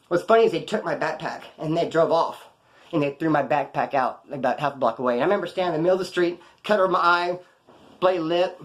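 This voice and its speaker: Fast-talking man spinning profane street stories. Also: a little high. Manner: profane street slang, rambling, animated. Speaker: former prisoner telling stories. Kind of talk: casual storytelling to camera.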